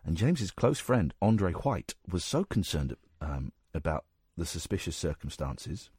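A man's voice: sits low, big pitch swings, measured pace, a little mellow, husky, no room sound, studio quality. A man hosting a radio show, reading news stories aloud and breaking off with sarcastic asides. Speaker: radio host. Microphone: studio microphone.

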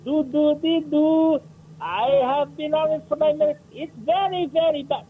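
A male radio caller mocking the show in a high put-on voice and humming a tuneless jingle. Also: normal speed, a little hiss or hum. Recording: tinny phone line.

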